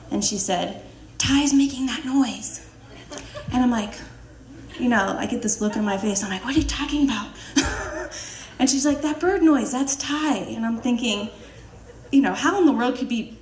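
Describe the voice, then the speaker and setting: A woman's voice: medium pitch, reverberant. A woman telling a personal story live on stage, laughing often, with many fillers and restarts.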